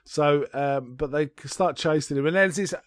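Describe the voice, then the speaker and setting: A man's voice: a little high, moderate pace, no room sound. A man co-hosting a podcast, casually recapping a film with lots of ums and acted-out quotes. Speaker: podcast co-host.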